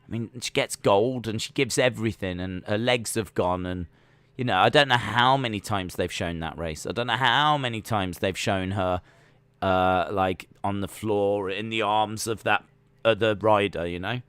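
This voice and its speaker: A man's voice: lowish voice, normal speed, fairly bright tone, smooth, no room sound. A man hosting a casual watch-along livestream, rambling and full of "like" and restarts. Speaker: livestream host.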